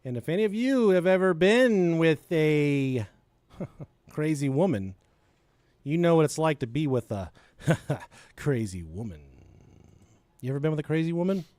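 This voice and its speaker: A middle-aged man co-hosting a crude comedy podcast, joking loudly and rambling through stories. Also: on the high side, lively intonation, measured pace, long pauses, dry recording. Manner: rowdy, joking, breaks into song and mock voices. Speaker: podcast co-host.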